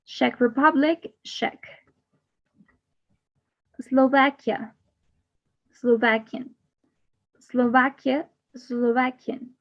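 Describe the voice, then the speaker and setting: A woman teaching an English class online, slowly repeating each word twice in a drilled, deliberate way. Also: high-pitched, creaky. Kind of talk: slow drilled pronunciation lesson. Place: online class, speaking to a camera. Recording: slightly dull lo-fi audio.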